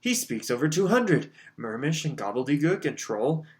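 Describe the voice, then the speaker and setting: A man voicing an excitable, fawning young man who loves rules, in an audiobook. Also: a little high, normal speed. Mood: excited. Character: eager, rule-loving young man.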